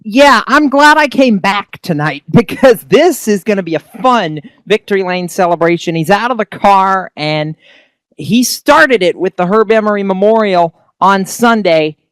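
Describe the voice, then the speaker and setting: Upbeat racing reporter man, smooth voice. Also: high voice, lively intonation, a little slow, fairly bright tone, no echo. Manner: upbeat, chatty, asks long questions. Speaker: victory lane reporter. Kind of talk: sim racing broadcast interview.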